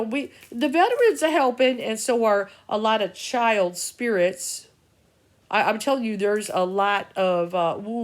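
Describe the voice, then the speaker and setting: A middle-aged woman talks straight to camera as an intuitive reader. Her voice sits at an ordinary middle pitch. She jumps from thought to thought with cursing and exasperated asides. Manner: agitated, profane, stream-of-consciousness. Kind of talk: rambling spiritual vlog rant.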